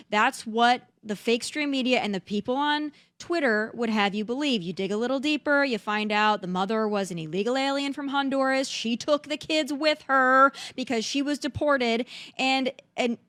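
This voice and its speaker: A woman's voice: on the high side, moderate pace, hardly any pauses, fairly bright tone, dry recording. Indignant woman political commentator. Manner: indignant, incredulous. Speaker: host.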